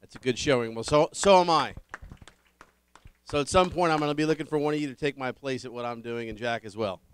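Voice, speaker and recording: A man's voice: mid-range voice, fairly quick, slight background noise. A man hosting a public dinner forum, welcoming the audience, giving ground rules and introducing panelists. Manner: upbeat, addressing a dinner audience. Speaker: event host. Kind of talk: public event announcements.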